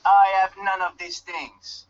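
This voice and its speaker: A man's voice: sits high, flat delivery, unhurried. An actor with a put-on Jamaican accent playing a guarded loner fisherman stranded on an island, stiff and curt with no contractions, in dull lo-fi game audio. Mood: gruff.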